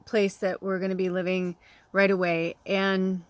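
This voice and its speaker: A middle-aged woman talking casually as a spiritual reader, her voice at an ordinary mid pitch. She rambles in a loose, chatty way, laughs often and swears offhandedly. At times she sounds close to tears. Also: flat delivery, measured pace, smooth, no room sound. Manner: emotional, near tears. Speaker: tarot reader and medium. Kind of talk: casual spiritual vlog chat.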